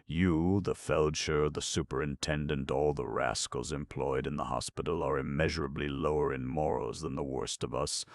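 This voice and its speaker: Brief: man doing a fervent young madman in an audiobook, raised and urgent over a deep gravelly base. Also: steady tone, normal speed, few pauses, no echo. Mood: indignant. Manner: impassioned, accusing. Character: agitated young male asylum patient, bitter.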